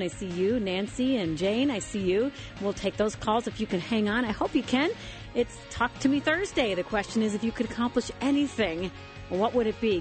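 A woman hosting a call-in radio talk show, encouraging and enthusiastic with her callers and guest. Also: medium pitch. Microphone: studio microphone.

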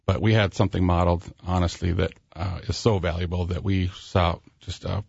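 A man, guest on a radio show with his wife, speaking in a halting, reflective way. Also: deep voice, little pitch movement, creaky, a little mellow, slightly rough, no room sound, lo-fi sound. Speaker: guest, host's husband. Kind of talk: casual conversation. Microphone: studio microphone.

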